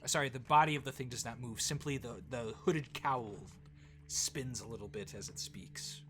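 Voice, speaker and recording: A man's voice: medium pitch, moderate pace, noisy background. A man narrating a tabletop role-playing game as game master, in a casual, descriptive way with frequent fillers.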